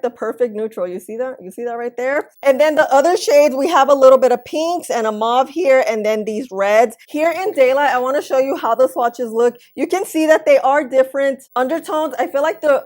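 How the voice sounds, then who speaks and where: A woman's voice: a little high, a little mellow. A young woman chatting casually to camera as a beauty vlogger, upbeat and talking while she eats, at home by a window.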